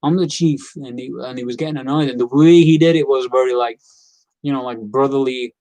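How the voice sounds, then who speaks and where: A man's voice: medium pitch, fairly even intonation, brisk, a little mellow, dry recording, poor audio. A man giving a casual, opinionated wrestling review, rambling with fillers and repeats. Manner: acts out quoted lines in character.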